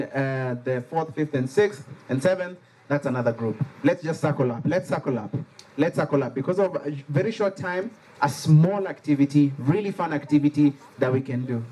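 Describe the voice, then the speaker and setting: Man leading a workshop, rather high voice. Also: a little mellow. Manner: checks in with a frequent "all right?"; repeats himself while organizing people. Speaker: workshop facilitator. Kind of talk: giving instructions to a workshop group. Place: workshop room with participants.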